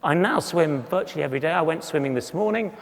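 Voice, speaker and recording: A man's voice: a little high, expressive, fast talker, vocal fry, big-room sound. A man in his sixties from England giving a humorous, self-deprecating storytelling talk with slides, acting out voices in his anecdotes. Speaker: conference speaker.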